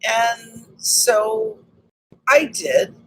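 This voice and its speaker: A woman telling a personal story in a casual monologue, animated and acting out the conversations she had. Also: a little high, drawn-out words, slight background noise, low-quality recording. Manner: animated, re-enacts conversations, frequent restarts.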